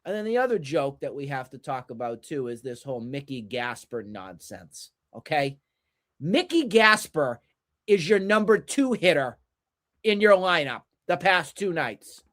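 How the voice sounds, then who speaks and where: Slow, fuming male sports podcaster. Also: a little high, sing-song, fairly bright tone. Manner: angry, profane, repetitive ranting. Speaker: podcast co-host.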